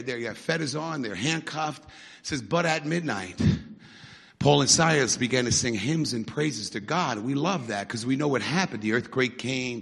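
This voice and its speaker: A man preaching a fiery sermon, often shouting and building to fervent peaks. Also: mid-range voice, gravelly, breathy edge, big-room sound.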